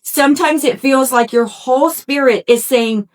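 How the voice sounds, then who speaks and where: Encouraging middle-aged woman, slightly high voice. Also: normal speed. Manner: encouraging and conversational, talks straight to listeners; folksy, with frequent "y'all" and "right?". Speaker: podcast host. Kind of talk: motivational self-help talk.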